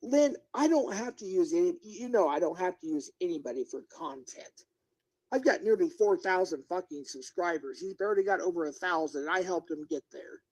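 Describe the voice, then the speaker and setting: A man's voice: high-pitched, animated, fairly quick, darkish tone, poor audio. A middle-aged man live-streaming as a YouTuber, ranting indignantly and talking straight to his viewers and chat. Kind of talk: unscripted livestream rant.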